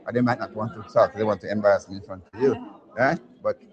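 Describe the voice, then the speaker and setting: A middle-aged Jamaican school principal talking casually to students at a career day, telling jokey stories and often asking "right?". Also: male voice, lowish voice, steady tone, quick pace. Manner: storytelling, jokey, asks the crowd "right?". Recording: muffled recording with a crowd around.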